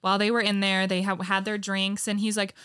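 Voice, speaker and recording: A woman co-hosting a podcast, chatting casually in a small studio. Her voice sits in the middle range and sounds close and dry. She tells stories in a relaxed way with wry asides. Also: medium pitch, brisk, clean tone, dry recording. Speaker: podcast co-host. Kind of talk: casual chat.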